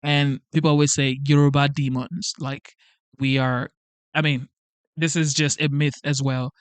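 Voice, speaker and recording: Here the Nigerian livestream host sounds on the high side, level and measured, with a clear, resonant tone in a dry recording. Speaking with a Nigerian accent, he rambles casually, reads viewer comments, and peppers his talk with "like" and "okay?".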